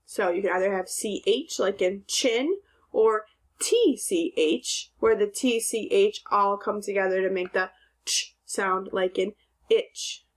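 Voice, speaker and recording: A woman teaching young children to read, working through a phonics lesson at a slow, unhurried pace. Her pitch sits in an ordinary middle range. She sounds words out clearly, asks questions and then answers them herself. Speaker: second grade teacher.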